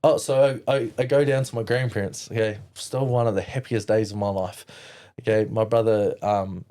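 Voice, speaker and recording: A man's voice: on the low side, fairly even intonation, normal speed, warm tone. A man with a New Zealand accent, a podcast guest telling his own story candidly, rambling with fillers, restarts and casual swearing.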